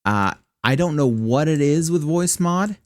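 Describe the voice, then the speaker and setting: A man's voice: a little high, lively intonation, unhurried. A man chatting wryly through casual live gameplay commentary, swearing when annoyed, on a close desk mic run through a voice changer app. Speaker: streamer.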